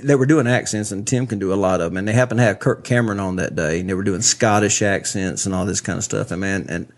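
Gravelly man chatting. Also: lowish voice, quick pace. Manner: rambling, laughs often. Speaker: podcast host. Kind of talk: casual chat.

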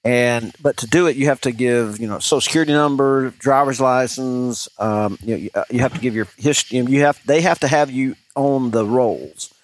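A man's voice: mid-range voice, moderate pace, few pauses. Rambling man telling a story. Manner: chatty, many restarts and fillers. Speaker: podcast co-host. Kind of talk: casual chat, rambling storytelling.

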